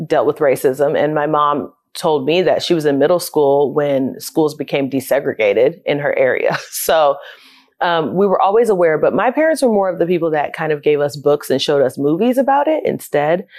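A woman's voice: low voice, expressive, moderate pace, a little mellow. A woman in her thirties from South Florida, telling her life story in an interview in a candid, reflective, conversational way. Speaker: interviewee, childcare business owner.

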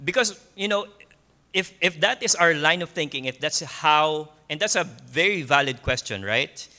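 A man with a Filipino accent preaching a sermon in a church, slow and emphatic, repeating key points and laughing softly now and then. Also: fairly high pitch, lively intonation. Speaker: pastor.

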